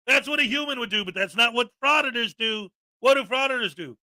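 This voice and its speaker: A man hosting a reaction commentary show, ranting sarcastically and shouting often as he mocks the people in a video. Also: very high voice, animated, a little fast, few pauses, no room sound. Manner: sarcastic, mocking, shouts often and acts out mock voices. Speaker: commentary channel host.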